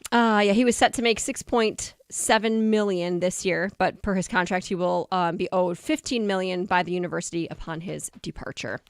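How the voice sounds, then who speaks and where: A woman's voice: on the low side, fairly even intonation, moderate pace, hardly any pauses, smooth, dry recording. Female radio news reader, chatty and loose, dry studio mic. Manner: conversational, loose reading with fillers. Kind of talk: casual radio news update. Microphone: studio microphone.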